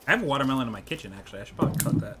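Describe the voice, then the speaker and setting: A man's voice: medium pitch, very animated, racing. A man chatting casually and joking at his own expense while playing on a charity gaming stream, game music behind him. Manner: goofy, self-deprecating.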